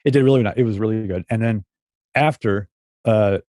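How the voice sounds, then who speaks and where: A man's voice: lowish voice, a little fast, no echo, studio quality. A middle-aged man, a comedy writer, telling stories in a casual podcast chat, acting out quotes along the way. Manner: animated storyteller who acts out quotes.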